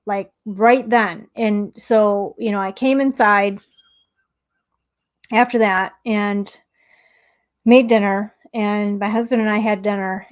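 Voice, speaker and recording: A woman speaks in a relaxed, conversational way, like a mindfulness teacher talking to her viewers. She is candid and open about her own life as she explains her ideas. Her voice sits at an ordinary middle pitch. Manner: candid, conversational, tells personal stories. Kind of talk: casual self-help monologue.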